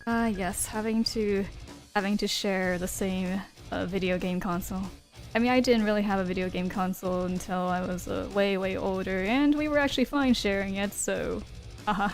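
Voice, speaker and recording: A woman's voice: mid-range voice, normal speed, faint music behind. A woman streamer reading a game aloud and making casual, rambling, hesitant side comments. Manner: rambling, hesitant, laughs often.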